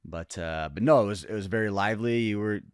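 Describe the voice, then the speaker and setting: A man co-hosting a podcast in casual chat, halting and repeating words, with a habit of clearing his throat. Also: lowish voice, no echo, studio quality. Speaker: podcast co-host.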